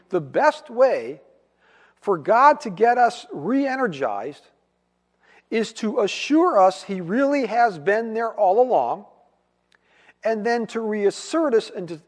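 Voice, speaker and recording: A man preaching a conversational sermon as pastor, acting out quoted voices as he goes. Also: sits high. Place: church sanctuary. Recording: long church hall reverb.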